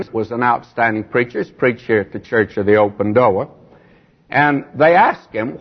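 An older man preaching a Bible sermon in a folksy, emphatic way, voice climbing high when he mocks. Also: husky. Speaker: Bible teacher. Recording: dull lo-fi old recording.

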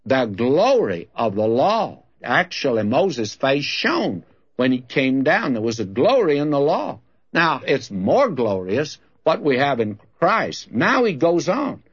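A man's voice: mid-range voice, very animated, takes it slowly, husky. A man preaching a sermon, telling a story and reading scripture in an earnest, conversational way. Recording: dull lo-fi recording.

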